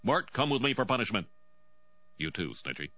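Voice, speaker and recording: A man's voice: on the low side, very animated, moderate pace, pushed and bright, no room sound, full character voice. An actor playing a stern, sanctimonious male church minister in a cartoon, with dull lo-fi sound. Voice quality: sanctimonious, preachy. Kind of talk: cartoon sitcom acting. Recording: dull lo-fi broadcast audio.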